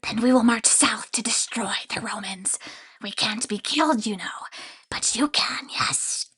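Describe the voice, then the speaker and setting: A woman voicing an excitable, cruel male grain spirit in an audiobook, pitched a little high and breathy. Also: measured pace, heavily acted. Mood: gleeful.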